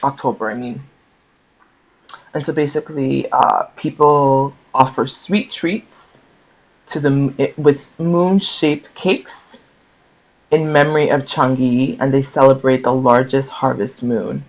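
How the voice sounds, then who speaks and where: A man reads a story from a book in an easy, conversational way, often pausing to explain and checking in with "okay?" and "right?". His voice sits at a middling pitch. The recording is a little dull and lo-fi. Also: steady tone. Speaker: book-sharing host. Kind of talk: reading aloud with casual commentary.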